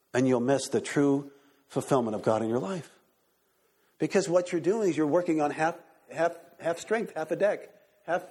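Excited, husky-voiced preacher man. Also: on the high side. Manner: excited, animated preaching with congregation asides. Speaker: pastor. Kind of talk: sermon.

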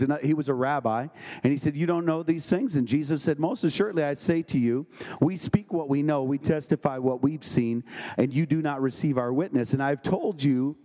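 A man preaching a sermon, reading scripture aloud and checking in with the congregation with quick questions. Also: fairly high pitch, mellow. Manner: conversational, with emphatic questions to the congregation.

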